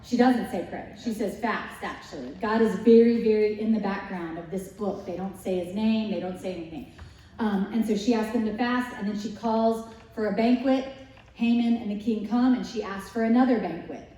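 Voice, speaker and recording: Woman, Bible study teacher, casual lively retelling, rhetorical questions, very roomy sound, mic far off. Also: medium pitch, moderate pace. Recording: echoey room, distant mic.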